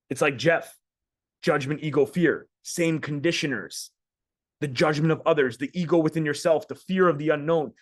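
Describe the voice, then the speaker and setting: A man's voice: mid-range voice, no echo, clean studio sound. A man coaching other men on a group call, talking casually and bluntly, with some swearing and repeated words. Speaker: men's coach. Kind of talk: motivational talk to a group call.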